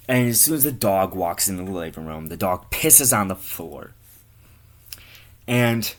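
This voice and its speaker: A man improvising a crude comic story, rambling and stammering as he goes. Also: on the low side. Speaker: comedy storyteller.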